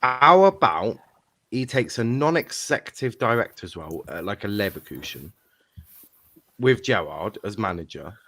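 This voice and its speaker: A man's voice: fairly low pitch, sing-song, moderate pace, sharp tone. A man hosting a casual panel chat, rambling and jokey, swearing freely. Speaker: host.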